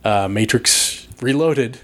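A man's voice: medium pitch, slow, fairly bright tone. A man in a casual conversation about old movies, talking playfully with frequent restarts and emphatic bursts.

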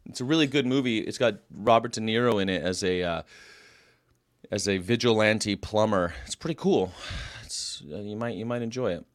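A man's voice: fairly low pitch, moderate pace, dry recording, studio quality. A man hosting a casual daily monologue, rambling and crude with sarcastic asides. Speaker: vlog host.

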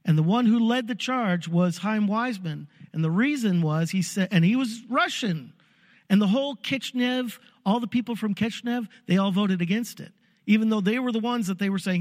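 A man delivers a sermon as an animated story, his voice pitched fairly high for a man. A long hall reverb trails behind his words. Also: normal speed. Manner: storytelling, animated, acts out crowd cries. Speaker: preacher.

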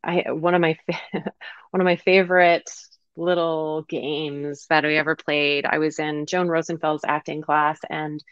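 A woman manual therapist speaking as a podcast guest in gentle, reflective conversation, laughing easily. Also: low-pitched, flat delivery, unhurried, clear, resonant tone, dry recording. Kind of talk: casual conversation. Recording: slightly muffled dry sound.

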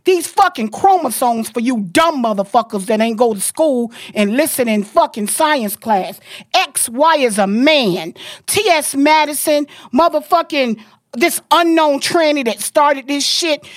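A woman podcast host, delivering a loud, profane, forceful rant. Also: high-pitched, expressive, a little slow, dry recording, clean studio sound.

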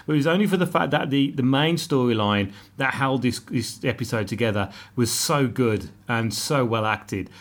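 A man's voice: mid-range voice, moderate pace, few pauses. Male podcast host, rambly, jokey, casual review chat. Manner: rambling, full of restarts and asides, jokey.

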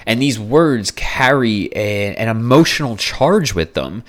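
A man's voice: lowish voice, lively intonation, a little slow. A young man hosting a solo fitness podcast, talking bluntly with frequent swearing and restarts. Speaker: fitness coach and podcast host. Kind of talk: casual solo podcast monologue.

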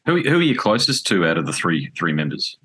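Deep husky male interviewer. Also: huge pitch swings, brisk, fairly bright tone.

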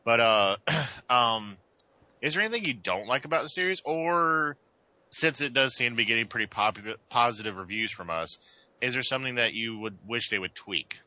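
A man's voice: medium pitch, expressive, moderate pace, bright, forceful tone, no echo. A man co-hosting a casual podcast chat, rambling with lots of stammered restarts. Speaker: podcast co-host. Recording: dull lo-fi sound.

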